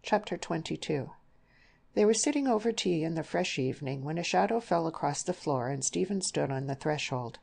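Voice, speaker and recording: A woman narrating an audiobook novel in a measured, even reading. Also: low-pitched, creaky, husky. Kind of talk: scripted narration.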